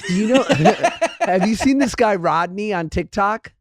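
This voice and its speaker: A man's voice: high voice, expressive, a little slow, no echo, clean studio sound. A man hosting a podcast, telling stories in casual chat and laughing often. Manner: chatty storyteller, laughs often. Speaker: podcast host.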